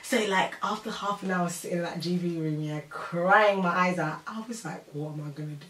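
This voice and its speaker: A young woman telling a personal story in casual chat, animated and full of fillers, acting out what people said. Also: on the low side, a little fast. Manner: animated, chatty, full of fillers and acted-out quotes. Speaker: storyteller guest. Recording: roomy sound from a distant mic.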